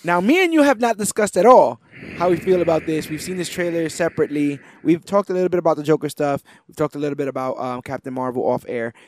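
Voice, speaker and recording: A man co-hosting a casual comic-book podcast, chatting in an animated way and acting out the lines he retells. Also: on the high side, fast talker, a little hiss or hum. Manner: animated, acts out quoted characters. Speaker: podcast co-host. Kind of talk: casual chat.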